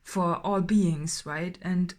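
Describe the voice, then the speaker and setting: A woman doing an unscripted intuitive tarot reading, halting and filler-heavy, often checking in with "right?" and growing more emphatic as she goes. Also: lowish voice, fairly even intonation. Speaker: tarot reader.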